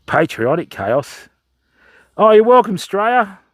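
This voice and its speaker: An Australian man livestreaming from a riverbank outdoors, giving excitable commentary and calling his viewers fam and mate. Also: sits high, slow pace, no echo, studio quality. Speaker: fishing livestreamer. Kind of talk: live commentary to stream chat.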